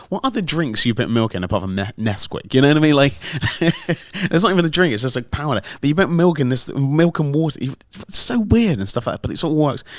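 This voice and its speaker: A man's voice: medium pitch, no echo, clean studio sound. A middle-aged man chatting on a podcast, telling rambling stories full of fillers. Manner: rambling, storytelling with many fillers. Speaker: podcast host. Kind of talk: casual podcast chat.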